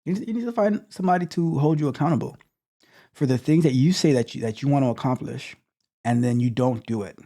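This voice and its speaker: A man's voice: medium pitch, fast talker, dark tone. A man coaching viewers in a blunt motivational talk, restarting words often and repeating his points. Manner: blunt, repetitive, stammering restarts. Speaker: tech coach.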